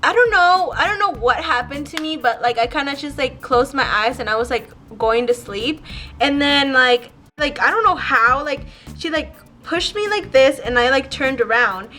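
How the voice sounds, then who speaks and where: A woman's voice: high voice, pushed and bright. A young woman telling a personal story in a casual vlog, rambling and profane, with constant fillers. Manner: rambling, profane, heavy use of "like". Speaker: vlogger.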